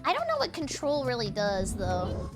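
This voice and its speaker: A woman streamer giving playful, excitable commentary while she plays a game, breaking into yelps and giggles. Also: a little high, normal speed, music in the background. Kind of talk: casual gameplay commentary.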